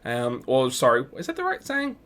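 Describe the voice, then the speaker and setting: A man's voice: medium pitch, wildly swooping pitch, moderate pace, a bit bright. A man hosting a let's play, giving chatty, rambling gameplay commentary full of restarts and laughs. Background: game music.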